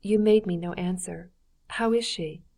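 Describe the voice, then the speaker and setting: A woman's voice: lowish voice, a little slow, creaky, warm tone. A woman voicing a distressed noblewoman pleading for her friend in an audiobook, earnest and lifted in tone. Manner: earnest, pleading, raised and tearful. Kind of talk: audiobook character reading.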